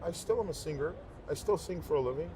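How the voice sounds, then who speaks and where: A professional singer, guesting in a casual interview, talks fast in a slightly high voice over background noise. He tells stories emphatically and with animation, heartfelt and repeating himself for emphasis.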